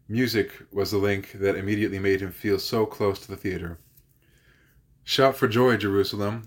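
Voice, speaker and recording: A man who hosts a podcast, reading a classic novel aloud in a steady, measured narration. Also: low-pitched. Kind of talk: audiobook narration.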